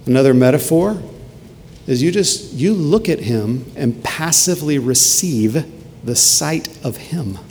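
A man's voice: fairly high pitch, lively intonation, unhurried, darkish tone. A male pastor preaching a sermon, earnest and emphatic, repeating key phrases for weight. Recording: long reverb with faint ambient noise.

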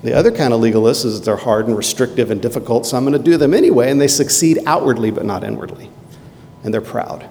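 A man preaching a sermon in a conversational way, with quick asides and emphatic rhetorical questions. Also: medium pitch, darkish tone. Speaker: pastor. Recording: long hall reverb.

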